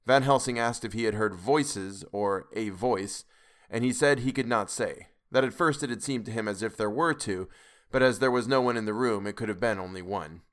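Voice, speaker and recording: Male podcast reader, measured and grave, classic novel narration. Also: fairly low pitch, fairly bright tone. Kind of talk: audiobook narration.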